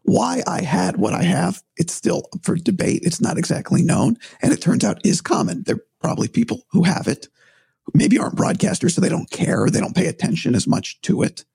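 Gravelly, husky man, animated. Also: high-pitched, brisk, no echo. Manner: thoughtful, rambling, restarts often. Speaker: broadcaster, podcast guest. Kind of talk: casual conversation.

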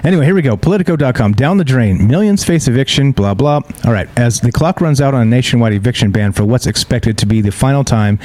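On a streaming microphone, a weary host of a live news stream yawns as he reads articles aloud and offers casual, opinionated commentary, ranting bluntly, sarcastically and profanely. His mid-range voice is a little mellow.

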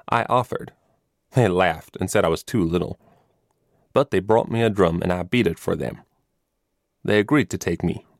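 This is an eager young drummer boy from a storybook, as a man puts him on. He speaks with earnest, hopeful warmth and a pleading edge. The voice keeps a touch of low gravel and sounds dry and close. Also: dry recording.

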